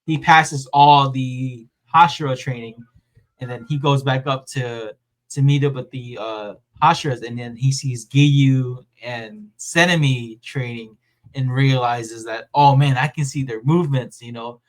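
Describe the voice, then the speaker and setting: A man's voice: medium pitch, fairly even intonation, a little slow. A man hosting a podcast, recapping an anime season in a rambling, casual way with lots of fillers. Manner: rambling, filler-heavy recap with acted-out quotes. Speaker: podcast host.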